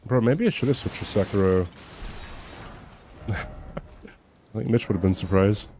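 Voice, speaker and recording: A man's voice: lowish voice, normal speed, darkish tone, a little hiss or hum. A man streaming a game live, chatting casually with viewers in a laid-back, joking way and swearing now and then.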